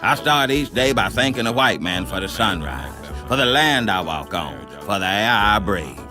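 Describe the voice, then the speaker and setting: A man voicing a bitter, self-hating older cartoon groundskeeper in a gruff, pompous monologue. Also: on the low side, expressive, moderate pace, music in the background, close to an everyday voice. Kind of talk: cartoon voice acting.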